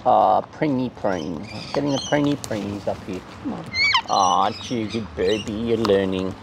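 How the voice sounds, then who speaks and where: A man who runs a bird-feeding channel, chatting casually and playfully to wild birds in a high, sing-song baby-talk voice. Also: normal speed, gravelly. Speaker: bird feeder and channel host. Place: outdoors with wild cockatoos. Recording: noisy outdoor recording.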